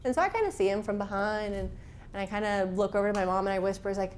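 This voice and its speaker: A woman's voice: medium pitch, very fast, a little mellow, a little hiss or hum. A woman instructor leading a class, talking frankly and casually, with personal stories. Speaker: workshop instructor.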